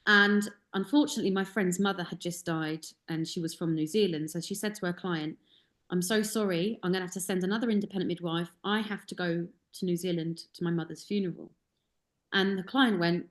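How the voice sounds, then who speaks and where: A woman in a casual group discussion, telling a story animatedly and acting out the quoted speech. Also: mid-range voice.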